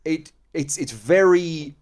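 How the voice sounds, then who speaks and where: An Irish comedian in his mid-thirties, chatting casually as a podcast guest, animated and joking with plenty of swearing. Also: fairly high pitch, slow pace. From Ireland. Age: 30s.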